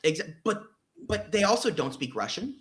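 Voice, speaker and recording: A man's voice: sits high, sing-song, normal speed. A man in casual podcast discussion, talking emphatically with frequent fillers and blunt profanity.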